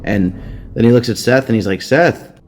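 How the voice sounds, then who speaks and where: A man's voice: on the low side, fairly quick, music in the background. A man hosting a podcast, recapping a children's book in a casual, crude, rambling way, swearing freely. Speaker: podcast host.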